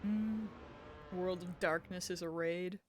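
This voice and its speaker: A woman's voice: on the low side, steady tone, slow, darkish tone, slight background noise. A woman streamer chatting casually while playing a game and telling stories with frequent giggles. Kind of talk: casual live-stream gameplay chat.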